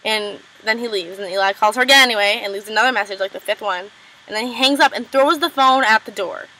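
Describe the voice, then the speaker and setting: A young woman casually recapping a TV episode, full of "like" and "um", quickly acting out characters' lines. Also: medium pitch, sharp tone, poor audio. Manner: chatty, lots of "like" and "um", acts out lines in quick impressions. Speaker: recap vlogger.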